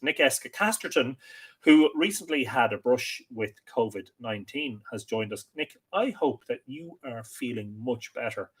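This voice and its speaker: Chatty Irish man, husky voice. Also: mid-range voice, lively intonation, normal speed. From Ireland. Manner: chatty and friendly, with many hesitant repeats. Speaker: host of a live mythology show. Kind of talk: casual live-stream chat, reading viewer comments.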